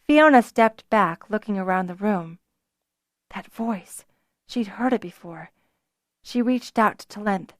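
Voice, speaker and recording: A woman narrating a fantasy audiobook in even, clear storytelling. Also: medium pitch, unhurried, long pauses, no room sound, clean studio sound. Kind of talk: scripted narration.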